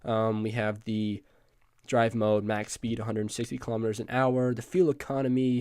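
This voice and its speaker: A man who is sick and hoarse gives a casual presentation on screen. He rambles, adds asides and keeps correcting himself. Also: on the low side, flat delivery, normal speed, darkish tone, no echo. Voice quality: croaky. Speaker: student presenter.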